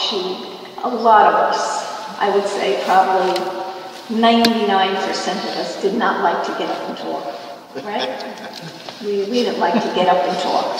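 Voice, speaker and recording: A woman leading a spiritual gathering, sharing memories of her teacher in a loose, conversational way full of "you know" asides. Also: medium pitch. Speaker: leader of a spiritual peace meeting. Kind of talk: informal spiritual talk to a gathering. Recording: echoey hall, voice from far off, faint noise.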